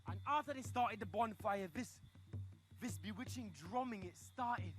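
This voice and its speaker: A man performing a comic story, chatty and animated, swinging from hushed asides to loud outbursts. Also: high-pitched, normal speed, faint music behind.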